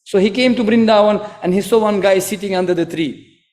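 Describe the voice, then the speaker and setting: A Russian-accented monk preacher tells a sermon story in lively, broken English. His voice sits high for a man, with a mellow, dark tone. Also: brisk.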